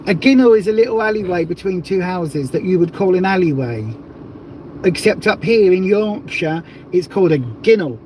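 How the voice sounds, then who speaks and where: A man's voice: high voice, expressive, normal speed, darkish tone, slight background noise. A man from the south of England hosting a casual livestream, chatty and rambling with plenty of jokes. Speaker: livestream host.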